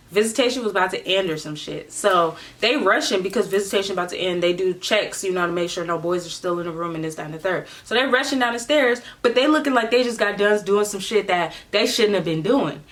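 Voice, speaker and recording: A young woman vlogger telling a casual storytime in a slangy, animated way, acting out what people said. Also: medium pitch. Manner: animated, slangy, acts out quotes.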